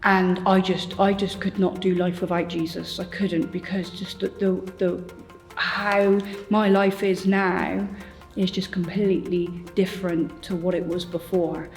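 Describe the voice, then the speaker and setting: A woman giving an earnest, halting personal testimony, with faint music behind her. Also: lowish voice, flat delivery. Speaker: church testimony speaker.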